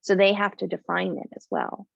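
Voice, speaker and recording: A woman's voice: mid-range voice, steady tone, normal speed, creaky, no room sound, lo-fi sound. A woman teaching a live coding class, thinking aloud with many fillers and talking bluntly about clients. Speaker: coding bootcamp instructor.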